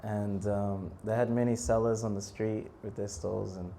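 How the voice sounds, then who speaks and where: Animated man telling a story. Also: on the low side, normal speed, vocal fry, slight background noise. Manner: animated, laughs often, bursts into shouted prayers. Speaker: monk preacher. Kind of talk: storytelling talk. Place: temple talk in Australia.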